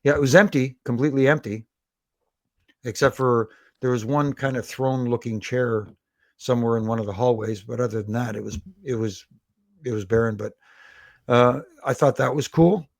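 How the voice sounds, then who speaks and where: Middle-aged guy, gravelly voice, dry close sound, rambling war stories on a podcast call. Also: mid-range voice, moderate pace, no room sound. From Toronto, Canada. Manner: rambling, animated anecdotes with many restarts. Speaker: guest, former wrestling referee. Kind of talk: casual storytelling interview.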